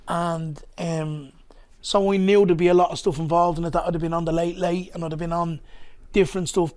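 Dublin guy, comedian on a podcast, pretty high voice, rambly casual storytelling. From Ballymun, Dublin, Ireland. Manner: rambling, loose, with many asides. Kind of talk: conversational storytelling.

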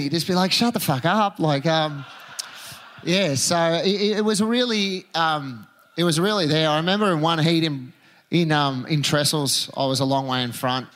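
A man's voice: fairly high pitch, normal speed, a bit bright. A man hosting a casual chat, telling stories with laughter and swearing. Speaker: podcast host, surfer.

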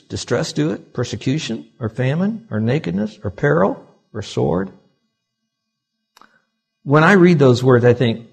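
A male pastor delivers a sermon to a church congregation in a husky, somewhat breathy voice at a middle pitch. He moves from soft, confiding asides to loud, emphatic peaks.

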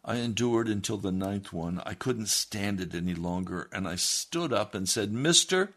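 A man's voice: on the low side, fairly even intonation, normal speed. A male preacher telling a first-person story and exhorting his listeners earnestly.

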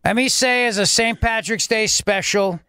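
A radio host mocking a smug, boastful middle-aged male governor, in a slow, self-satisfied voice. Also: high voice, sharp tone, clear, resonant tone, no room sound, studio quality.

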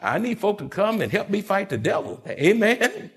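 Lively high-voiced male preacher. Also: normal speed. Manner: animated preaching with repetitions and acted-out voices. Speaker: pastor. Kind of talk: sermon.

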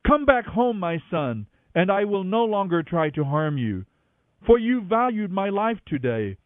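A man plays a remorseful king who confesses slowly and loudly, his voice pitched high. The sound is thin and phone-like, dry and close. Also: big pitch swings, no echo. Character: remorseful older male king.

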